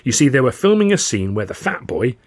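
A man voicing an excited young vaudeville comedian telling an anecdote with enthusiasm. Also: mid-range voice, brisk, pitched above the performer's own voice.

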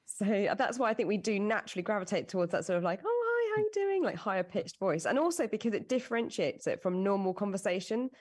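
A woman's voice: medium pitch, fast, hardly any pauses, darkish tone. A woman, a cat welfare expert co-hosting a podcast, explaining in a friendly, matter-of-fact way. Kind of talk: casual explaining.

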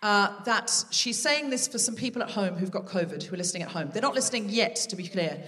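A woman's voice: medium pitch, expressive, a bit bright. Woman working a live theatre crowd. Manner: chatty, teasing, quick asides. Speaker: comedy podcast host. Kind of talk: live stand-up crowd work. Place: theatre stage before a live audience. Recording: live theatre recording with long reverb.

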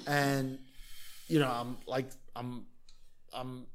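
A man in his fifties speaks in an earnest, halting way, often restarting his sentences and leaning on fillers. His pitch sits in the middle range for a man. He talks like a podcast guest in relaxed conversation. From Philadelphia. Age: 50s. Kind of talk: casual chat.

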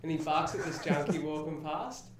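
A man's voice: a little high, moderate pace, crowd noise. A young man hosting a podcast, telling a story in casual chat and swearing freely. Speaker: podcast host. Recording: roomy echo, mic at a distance.

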